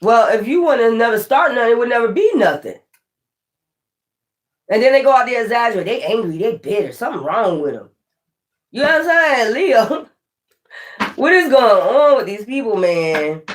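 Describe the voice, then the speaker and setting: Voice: mid-range voice, big pitch swings, moderate pace, long pauses. Blunt, profane tarot reader. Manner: blunt, profane and emphatic, with lots of repetition. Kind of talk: live tarot reading to viewers.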